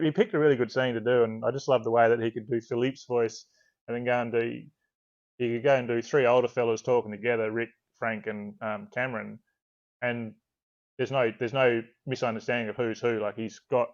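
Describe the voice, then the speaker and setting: A man's voice: mid-range voice, a little fast. An Australian man chats loosely and at length, circling back on his own sentences as he tells a story. His voice sits mid-range and comes through a dull, lo-fi call line. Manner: relaxed, rambling storyteller, swears casually. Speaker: author guest. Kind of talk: casual interview chat. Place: video call.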